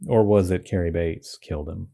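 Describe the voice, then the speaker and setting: A man's voice: low voice, moderate pace, gravelly, warm tone. A man co-hosting a casual comics podcast, thinking aloud with fillers and restarts. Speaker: podcast co-host. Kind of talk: casual chat about comics.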